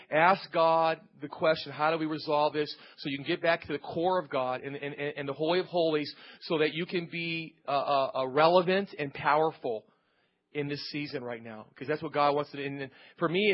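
A man, middle-aged, preaching an informal sermon and telling a personal testimony, rambling and restarting his sentences. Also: a little high. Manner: rambling, repeats words and restarts, storytelling. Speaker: lay preacher. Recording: dull lo-fi church audio.

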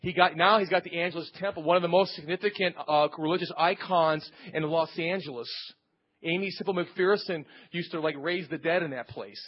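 A man's voice: on the high side, a little fast. A man, middle-aged, preaching an informal sermon and telling a personal testimony, rambling and restarting his sentences. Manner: rambling, repeats words and restarts, storytelling. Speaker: lay preacher. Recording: dull lo-fi church audio.

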